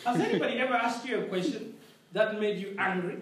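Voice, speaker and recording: A man's voice: high-pitched, animated, fairly quick, a bit bright, distant mic. A man preaching a sermon, emphatic, repeating his phrases and calling out to the congregation for response. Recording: echoey room.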